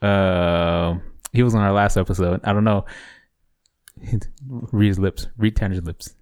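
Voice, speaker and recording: Lower-voiced guy rambling on a chill podcast, laughs a lot, keeps restarting. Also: fairly even intonation, unhurried, a little mellow, smooth. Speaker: podcast co-host. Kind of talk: casual chat.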